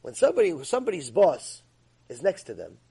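Husky, high-voiced man giving an emphatic lecture. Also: sing-song, brisk, dark tone, poor audio. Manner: emphatic, scolding, acts out quoted voices. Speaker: Torah teacher. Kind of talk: religious ethics lecture.

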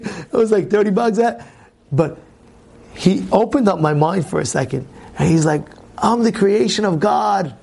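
A man teaching a Torah class and telling a personal story, animated, often repeating words and restarting. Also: high voice, a little slow, creaky.

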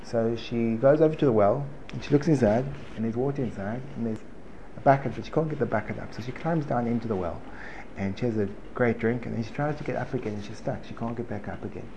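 In a quick, medium-pitched voice, a man runs an informal Torah class for people present, joking, going off on tangents, and often saying things twice. The audio is dull and lo-fi, with faint room noise behind him.

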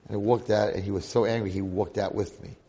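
A man in his sixties, a rabbi, telling a story to his congregation in an animated way with dramatic swings in loudness. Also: lowish voice, fast talker, slightly rough.

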